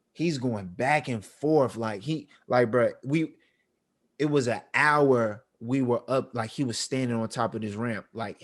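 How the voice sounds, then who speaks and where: Slangy, emotional man telling a story. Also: mid-range voice. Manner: slangy, emotional, full of fillers. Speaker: podcast co-host. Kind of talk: casual storytelling chat.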